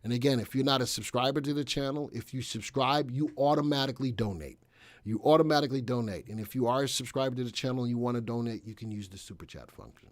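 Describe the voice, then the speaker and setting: A man's voice: mid-range voice, fast talker, few pauses, no room sound. Chatty male stock-market livestream host. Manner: relaxed, chatty, reads live chat aloud. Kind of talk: casual live-stream stock commentary.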